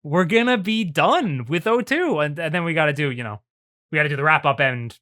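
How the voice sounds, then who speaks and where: A co-host leading a casual podcast chat in a relaxed way, swearing freely and laughing often. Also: mid-range voice, brisk, slight background noise.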